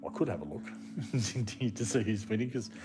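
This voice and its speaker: A man's voice: on the low side, expressive, moderate pace, a little mellow. A man live streaming, chatting casually and rambling, breaking off now and then to scold his dogs. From Australia. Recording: music playing in the background.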